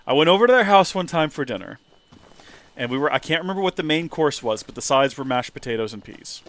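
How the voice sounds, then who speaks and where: Animated man streaming a game. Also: fast talker. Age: 30s. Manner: animated, jumps into high exclaiming voices when excited. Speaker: let's play streamer. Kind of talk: casual gameplay commentary and storytelling.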